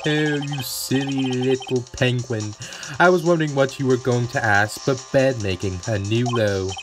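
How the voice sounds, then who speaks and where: A man's voice: mid-range voice, measured pace, natural voice. A man voicing a cold, arrogant male prosecutor who talks down to everyone. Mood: sneering. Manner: sneering, condescending. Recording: music playing behind.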